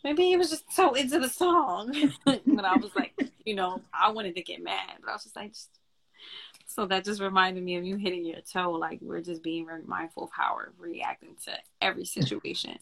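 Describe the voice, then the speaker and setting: A woman's voice: mid-range voice, normal speed, creaky, a bit bright. A woman who is a mother, co-hosting a podcast and chatting casually as she tells a story, quoting herself and her child. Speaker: podcast co-host. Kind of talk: casual spiritual chat.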